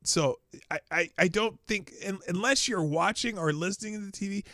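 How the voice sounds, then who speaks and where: A man's voice: sits high, moderate pace, pushed and bright, no echo, studio quality. A man hosting a casual livestream, talking with sarcasm and exasperation, reading out viewer comments and reacting to clips. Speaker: livestream host.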